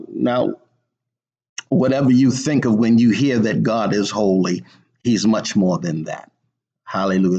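A man preaching a sermon, speaking slowly and deliberately, repeating words for emphasis with frequent "uh" pauses. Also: fairly low pitch, dark tone. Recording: dull lo-fi sound.

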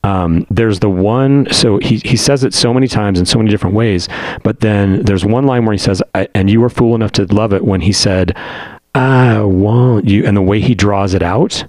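Low-voiced male panelist, dry close sound, eager but rambling delivery. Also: darkish tone, no room sound. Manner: enthusiastic, halting with many fillers and restarts. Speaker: podcast panelist. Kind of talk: casual chat.

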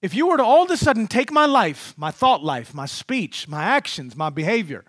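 High, bright-voiced preacher, dramatic swings. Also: male voice, big pitch swings, moderate pace, no room sound, clean studio sound. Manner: dramatic preacher, swings from loud calls to hushed tones. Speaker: pastor. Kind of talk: sermon.

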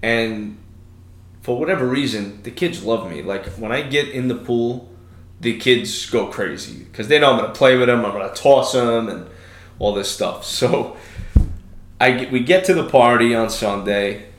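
A man's voice: mid-range voice, normal speed, roomy sound. A man in his thirties from New York, hosting a podcast and telling stories in a loose, casual way, swearing freely. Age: 30s. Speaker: podcast host. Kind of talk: casual chat.

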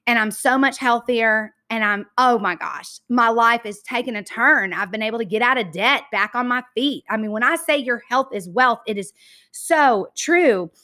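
A woman's voice: on the high side, normal speed, sharp tone. A woman, candidly telling her personal story on a podcast, earnest and full of "like" and "y'all". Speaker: podcast host.

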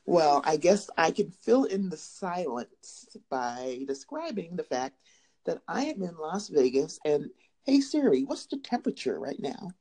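A woman with a lowish voice talks slowly and playfully in a casual podcast chat. Her pitch moves a lot, and she laughs along easily. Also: very animated, dark tone. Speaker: podcast co-host. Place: Las Vegas.

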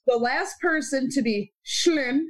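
A woman's voice: sits high, animated, slow. Woman reading true crime notes on a podcast, giggly, voice swoops around a lot. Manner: giggly, reads case notes, then jokes around. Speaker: podcast co-host. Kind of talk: casual comedic true-crime chat.

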